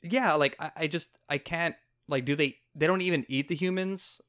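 A man co-hosting a movie review podcast, talking in a rambling, animated way and laughing often. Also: on the high side, moderate pace, dry recording, clean studio sound. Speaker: podcast host. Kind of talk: casual movie review chat.

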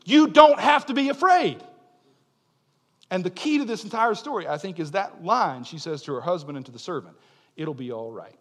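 A young male pastor with a high voice preaches in a church sanctuary. He swings from soaring, insistent proclamations down to hushed, almost offhand remarks. A long reverb trails each phrase through the hall. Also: animated, a little fast. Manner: impassioned, swings from loud declarations to quiet asides. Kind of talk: sermon.

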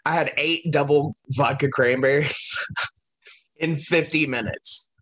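Speaking slowly in a higher-pitched voice, this podcast co-host spins a lengthy travel anecdote. His chat is casual, lively, and full of profanity.

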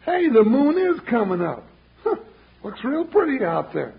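Brief: high raspy old sidekick, folksy drawl, old lo-fi radio drama. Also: male voice, wildly swooping pitch, normal speed, heavily acted. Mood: admiring. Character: folksy old male sidekick, sleepy and sentimental. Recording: dull lo-fi old radio recording.

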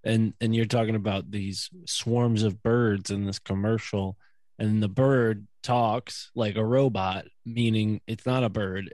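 A man's voice: lowish voice, darkish tone, dry recording. A man co-hosting a casual podcast chat, rambling through long theories and filling his talk with "like" and "you know.". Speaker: podcast co-host.

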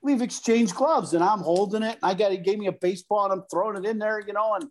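A middle-aged former pro baseball player, appearing as a guest, tells stories casually in a high, quick-paced male voice. He's animated and acts out the voices in his anecdotes.

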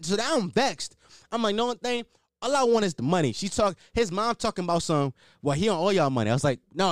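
A young man hosts a podcast and tells a story in a heated, swearing rush, doubling back on his words for emphasis. His voice sits high for a man and swings widely in pitch, and it sounds dry and close on the mic. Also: no echo. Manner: animated, heated, swearing, repeats himself for emphasis. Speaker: podcast host. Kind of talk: casual storytelling.

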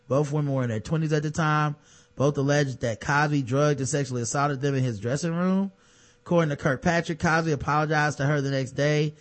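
A man co-hosting a podcast, reading news items aloud and breaking off with sarcastic, profane remarks in casual chat. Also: medium pitch. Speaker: podcast co-host.

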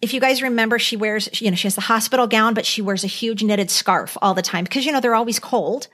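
A woman's voice: on the high side, fast talker, fairly bright tone. A middle-aged woman co-hosting a podcast, earnestly recounting an old TV movie in casual chat with many fillers. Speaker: podcast co-host.

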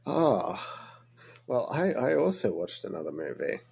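A man co-hosting a podcast, chatting in a relaxed way and laughing often. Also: lowish voice, unhurried, creaky, breathy edge. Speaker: podcast co-host. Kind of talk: casual chat.

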